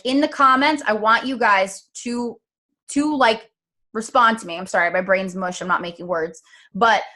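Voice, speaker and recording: Woman, thirties, live-stream host, casual coaching talk, encouraging, a little high-pitched. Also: a bit bright. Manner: chatty, encouraging, addresses viewers directly.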